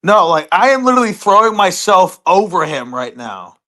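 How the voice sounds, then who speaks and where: A woman's voice: lowish voice, sing-song, normal speed, a bit bright. A woman playing a tabletop game who talks hesitantly, with lots of fillers and laughter. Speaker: player. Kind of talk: casual tabletop game chat.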